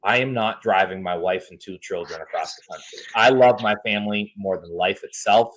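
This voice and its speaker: Animated joking man, podcast host. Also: sits low, a little fast, rough recording. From United States. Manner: animated storyteller, jokey and profane. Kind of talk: casual chat.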